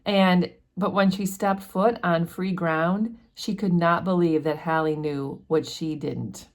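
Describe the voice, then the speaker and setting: Low-voiced woman explaining a novel chapter. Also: fairly even intonation, slow pace. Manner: chatty, explanatory, many fillers. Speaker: book study host. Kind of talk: casual book discussion.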